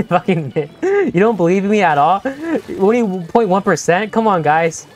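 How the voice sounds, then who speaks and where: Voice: medium pitch, sing-song, normal speed, slight background noise. A young-adult game streamer chatting playfully with viewers during a live session, laughing often and teasing the chat.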